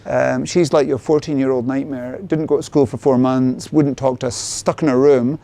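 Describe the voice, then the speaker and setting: Mellow-voiced man giving a sales seminar. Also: medium pitch, steady tone, normal speed, vocal fry. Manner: frequent tag questions to the audience. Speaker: sales workshop presenter. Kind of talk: interactive seminar talk.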